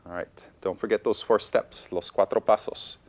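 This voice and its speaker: A man's voice: lowish voice, fairly even intonation, moderate pace, darkish tone. A man teaching a bilingual televised Spanish lesson, encouraging and checking in with students with frequent okays.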